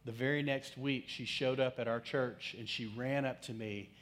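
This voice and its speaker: Here a middle-aged pastor, mid-range in pitch and moving at a moderate pace, shares a personal anecdote in a conversational sermon, shifting from animated asides to hushed moments and back.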